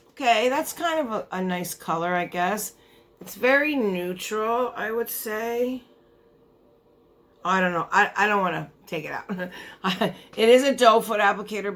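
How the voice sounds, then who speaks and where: A woman's voice: mid-range voice, a bit bright. A young woman vlogger chatting casually through a beauty box unboxing, tired, her voice giving out, rambling and cutting herself off. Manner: chatty, rambling, self-interrupting.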